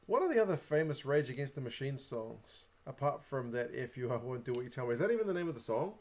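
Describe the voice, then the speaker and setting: A man's voice: medium pitch, sing-song, fast, darkish tone. A young adult man with a New Zealand accent, hosting a casual livestream, chatting away and reading viewer comments aloud. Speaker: livestream host.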